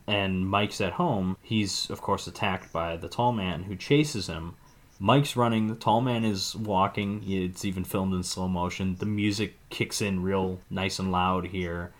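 This man, co-hosting a podcast, recaps a movie's story in a loose, rambling fashion full of hedges. His voice sits low and he takes his time.

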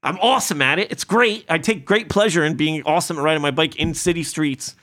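A man's voice: fairly high pitch, a little fast. A man telling profane stories in casual chat, acting out the people he quotes. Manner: profane, animated storytelling with acted-out quotes. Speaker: podcast co-host.

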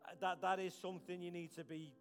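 A man's voice: sits high, flat delivery, fast, creaky, soft background music. A man preaching a conversational, earnest sermon as pastor, often repeating words.

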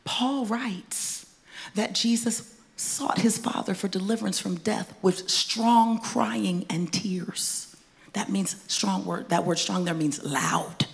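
A woman preaching to a congregation in a mid-pitched voice. She talks to them in a casual, folksy way, then rises into loud, emphatic bursts and drops to near whispers for the tender points. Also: fairly even intonation, slow, creaky. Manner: conversational, folksy asides to the congregation. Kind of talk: sermon. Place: church stage before a congregation.

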